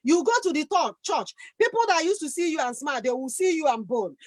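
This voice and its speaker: A woman on a discussion panel, speaking forcefully and with passion from her own experience. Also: high-pitched, very animated, fairly quick, no room sound.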